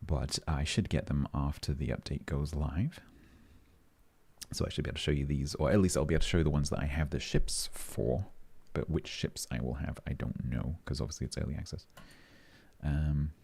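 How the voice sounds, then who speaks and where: A man's voice: a bass voice, fairly even intonation, normal speed, gravelly, darkish tone, slightly rough. A man streaming a game, chatting casually with his chat and reading update notes aloud, breaking off to joke and answer questions.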